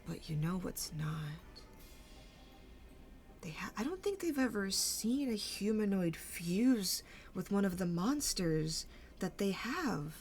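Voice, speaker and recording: A woman playing a vain arcane schemer, breathy drawl. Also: mid-range voice, big pitch swings, takes it slowly, soft background music, voice pushed up. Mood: scheming. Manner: airy half-whispered drawl, mocking. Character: vain scheming arcane troupe leader, ageless, cruel.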